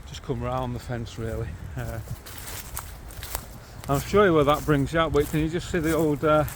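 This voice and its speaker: A man's voice: a little high, steady tone, moderate pace, background noise. Chatty St Helens man on a walk. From St Helens, England. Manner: chatty, easygoing, cheerful about local sights. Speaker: vlogger guiding a railway walk. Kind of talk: casual walking-tour narration. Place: outdoors by canals and old railway line. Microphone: handheld camera while walking.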